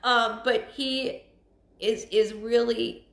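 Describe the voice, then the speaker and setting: Earnest, halting woman in an echoey room. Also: a little high, fairly even intonation, a bit bright. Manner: halting, with frequent restarts; earnest and emotional. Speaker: psychic medium. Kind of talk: live-streamed spirit reading.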